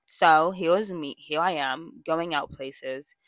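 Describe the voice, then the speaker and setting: A young woman talks through a casual personal monologue, candid and rambling, catching herself mid-sentence and starting over. Her voice sits a little low. It is recorded close and dry, with no room sound. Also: takes it slowly, dry recording. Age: young adult. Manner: chatty and candid, with frequent fillers and self-corrections. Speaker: podcast host.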